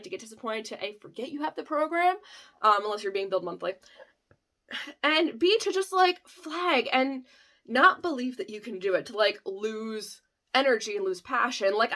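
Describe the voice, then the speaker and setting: A woman's voice: high-pitched, bright, forceful tone. A woman in her thirties talking casually to her vlog audience, chatty and candid, laughing often and using many fillers. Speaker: small business owner vlogging a sales sprint.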